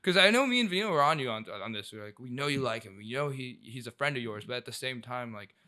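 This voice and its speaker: An earnest young man with a bright, forceful voice reflects on his friend group as a podcast co-host. He often acts out what his friends said. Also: mid-range voice, expressive, fast talker. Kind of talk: casual chat.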